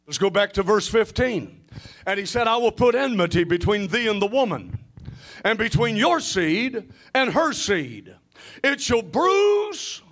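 A man preaching a sermon, calling out to the congregation and answering his own questions, often rising to a shout or a sing-song cadence. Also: sits high. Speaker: pastor.

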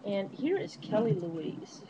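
A woman's voice: mid-range voice, very animated, slow, dull audio, background noise. A woman vlogging from a hotel room into her netbook webcam, chatty and rambling, laughing often. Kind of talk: casual webcam diary. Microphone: netbook webcam microphone.

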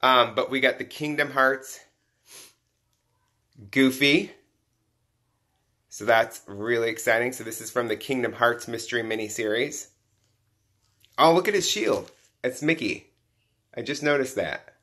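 Chatty male toy collector, excitable live-stream host, bright forceful tone, mid pitch. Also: unhurried, pauses often. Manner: excitable, chatty, greets viewers by name, frequent gasps and laughs. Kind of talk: casual live-stream unboxing chat.

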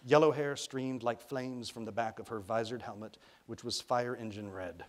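A man from Arkansas, an author, reads a children's adventure novel aloud. His narration is lively and storytelling in manner, at an ordinary middle pitch. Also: normal speed.

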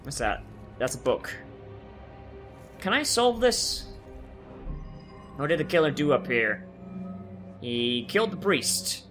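A man's voice: fairly high pitch, big pitch swings, slow, long pauses, fairly bright tone, faint music behind. A man casually commenting on a game he plays, sarcastic and joking, swearing now and then. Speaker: gameplay commentator. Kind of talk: let's play commentary.

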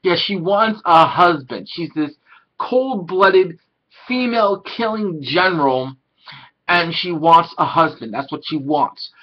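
A man's voice: a little high, lively intonation, slow, muffled recording. A man in his thirties casually reviewing an anime episode, rambling through the plot and acting out the characters' lines. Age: 30s. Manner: rambling plot retelling, acts out character quotes.

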